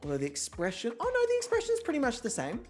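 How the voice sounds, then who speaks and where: A man's voice: very high-pitched, huge pitch swings, rapid-fire, faint music behind. A young man hosting a model-show game, chatting casually in a campy, self-mocking way and swearing often. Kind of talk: casual gameplay commentary.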